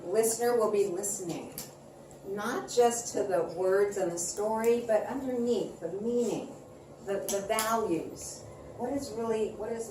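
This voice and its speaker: A woman facilitating a workshop, calmly giving instructions for a listening exercise to the group. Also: medium pitch. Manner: calm, instructive, gentle pacing. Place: large conference hall. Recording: roomy hall from far off, noisy.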